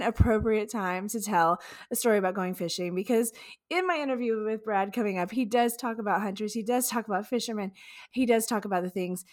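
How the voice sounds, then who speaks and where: A woman hosting a podcast, telling a story casually with frequent swearing and laughter. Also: mid-range voice. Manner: animated, profane, laughing storyteller. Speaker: podcast host.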